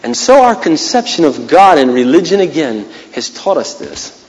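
A male preacher delivers a sermon in an easy, conversational way, acting out little scenes as he goes. His voice is high for a man and swings widely up and down. A long reverb from a large hall trails behind him. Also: sing-song, moderate pace, darkish tone.

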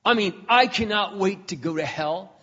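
A man doing a loud, swaggering, crude mechanic. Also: high-pitched, lively intonation, moderate pace, slightly rough, voice pushed up, full character voice. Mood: boasting. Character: boastful crude male auto mechanic, taunting. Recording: dull recording in a reverberant hall.

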